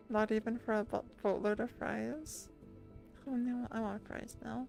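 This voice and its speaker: A woman's voice: fairly high pitch, steady tone, a little slow, creaky, a little mellow, faint music behind. A woman streamer chatting casually and rambling with her viewers, full of restarts and little laughs. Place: lying down at home.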